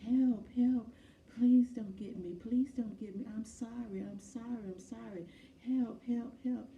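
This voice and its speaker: A woman's voice: medium pitch, fairly even intonation, normal speed, mellow, muffled recording, slight background noise, pitched above the performer's own voice, natural voice. A woman voicing a terrified, guilt-ridden woman patient who screams and then begs in frantic whispers. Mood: panicked. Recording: echoey room, from far off.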